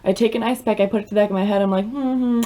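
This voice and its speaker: A woman's voice: mid-range voice, very fast. Young woman, casual storytime vlogger, dramatic and chatty, mid-range voice. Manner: dramatic, animated storytelling with many fillers. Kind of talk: storytime vlog.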